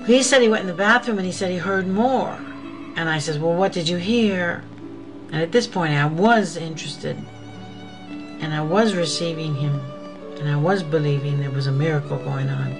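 Soft-spoken woman, earnest, often whispering. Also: deep voice, normal speed, over music, rough recording. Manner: intimate, softly spoken, often sinking to a whisper; earnest, calls listeners "beloveds". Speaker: host of an inspirational show. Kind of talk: personal faith testimony.

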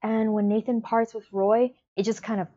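A woman's voice: on the high side, flat delivery, moderate pace, dark tone, dull audio. A woman giving a casual, emotional book review on video, acting out her own reactions.

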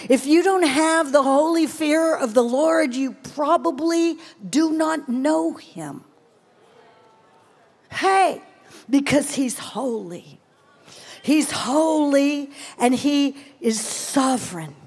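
A middle-aged woman preaching a sermon with personal testimony, animated and playful, dropping to hushed tones between exclamations. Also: high-pitched, slow pace, hardly any pauses. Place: large event hall, live audience.

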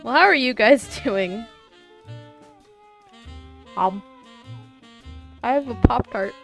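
Slow-talking young woman streamer. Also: on the high side, vocal fry, fairly bright tone, soft background music. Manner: exasperated, swearing, laughing at tech trouble. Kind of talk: casual live-stream chat.

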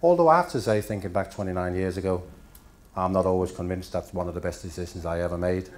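A Danish man in his fifties, a native speaker, talks fast in a deep voice. At a dinner in a hotel function room, he tells after-dinner stories with dry punchlines.

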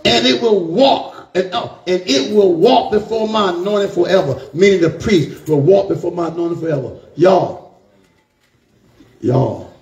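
A man's voice: high-pitched, moderate pace, few pauses, reverberant, dull audio. A man preaching a fervent sermon, calling out to the congregation in a church.

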